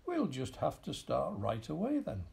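Male reader playing a muttering old farmer, gravelly and lively, storybook grump. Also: on the high side, measured pace, voice pushed up, exaggerated voice. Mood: grumbling. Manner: grumbling, muttering. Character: fussy old male farmer, absent-minded and grumbling.

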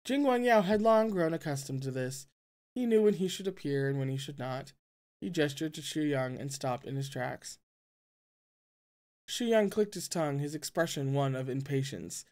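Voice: medium pitch, animated, normal speed, darkish tone. A reader narrating a novel aloud with asides, often tripping over words and correcting them. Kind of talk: reading a novel aloud with commentary.

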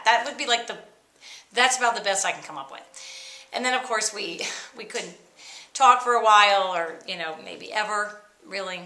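Middle-aged woman, comic vlogger; sharp bright tone, sarcastic with shrill outbursts. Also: moderate pace, reverberant. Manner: sarcastic, bursts into shrill mock excitement. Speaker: comedy vlogger. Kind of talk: comic monologue to camera.

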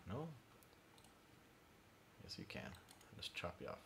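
A man livestreaming his CAD design work, thinking aloud in a mumbly way that drifts quieter as he concentrates. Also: slow pace, background noise.

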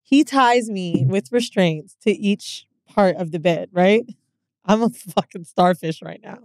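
A young podcast co-host with a fairly low voice speaks unhurriedly, with no room sound on the recording. In casual chat she tells a candid story, animatedly acting out what people said.

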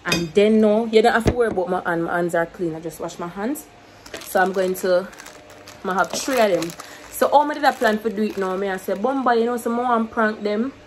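A young Jamaican-accented woman with a mid-range voice talks a little fast, with background noise behind her. A YouTuber, she chats casually to her camera in a vlog, mixing English with patois and laughing often.

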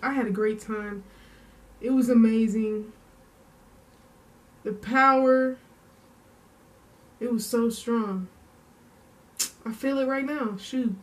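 A woman talking to her viewers in a casual vlog, slow and rambling with many fillers, emotional as she goes. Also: fairly high pitch, recorded from a distance. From San Diego. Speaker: vlogger. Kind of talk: casual vlog talk to camera.

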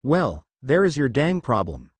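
A man's voice: mid-range voice, sing-song, measured pace, breathy edge, no echo. A man voicing a bossy, exasperated male kaiju king in a fan story reading, lecturing his fellow monster. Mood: scolding.

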